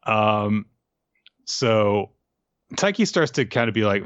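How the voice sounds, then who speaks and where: A man co-hosting a casual podcast, recapping manga chapters with lively impressions of the characters. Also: no room sound, muffled recording. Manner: animated, jumps into quick high voices for quoted characters. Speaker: podcast co-host.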